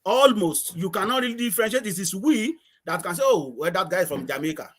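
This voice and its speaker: High-voiced man telling stories haltingly. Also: expressive, fairly bright tone, husky. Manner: halting, repeats words, laughs often. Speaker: guest. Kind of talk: casual storytelling conversation.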